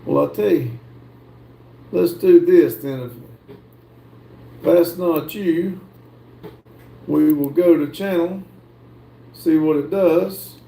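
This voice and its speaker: A man hosting a livestream, reading viewer comments aloud and answering them in a slow, drawling way. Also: fairly high pitch, vocal fry, warm tone. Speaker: livestream host reading chat. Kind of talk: casual chat. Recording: echoey room.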